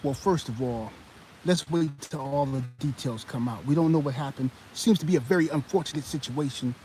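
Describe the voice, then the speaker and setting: A man doing an impression of a preachy male TV sports pundit, by turns measured and scolding. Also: mid-range voice, slight background noise, close to an everyday voice, poor audio. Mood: calm, measured. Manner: measured and calm, then loud and scolding.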